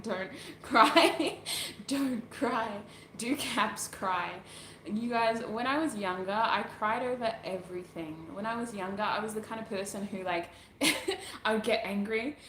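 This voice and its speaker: A woman's voice: mid-range voice, a bit bright. Chatty woman in an echoey room. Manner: chatty and rambling, laughs often. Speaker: tarot reader, channel host. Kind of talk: casual livestream chat, answering viewer comments. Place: at home doing makeup. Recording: roomy echo, faint background noise.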